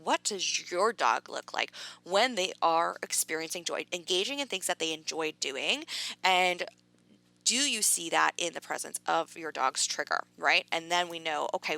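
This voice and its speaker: Gravelly, bright-voiced woman dog trainer. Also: low-pitched. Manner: casual and chatty, lots of fillers, acts out quotes. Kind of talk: educational talk to camera.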